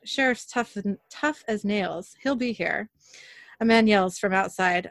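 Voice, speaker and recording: Recapping an episode on her podcast, an animated woman walks through each scene and quotes the characters with hardly any change in her voice. Her pitch is medium, and the close, dry recording has no room sound.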